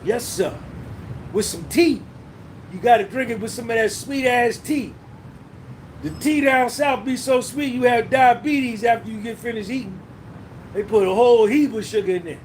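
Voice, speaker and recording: A man's voice: extremely high pitch, normal speed, a little hiss or hum. A man hosting a podcast livestream, talking casually and profanely, reminiscing and reading out viewers' names. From New Jersey. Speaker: podcast host.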